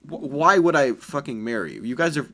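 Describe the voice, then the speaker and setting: A man's voice: mid-range voice, expressive, fairly quick, sharp tone. A man voicing a crude, dismissive young male ninja who swears and sounds exasperated. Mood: annoyed. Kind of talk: fan-made story narration.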